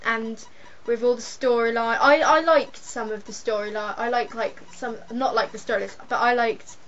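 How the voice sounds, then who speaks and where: A young woman talks in a hesitant, rambling way, often losing her thread. Her voice is a little high. The recording is dull and lo-fi, with a faint hiss behind her. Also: steady tone, normal speed, fairly bright tone. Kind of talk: casual chat.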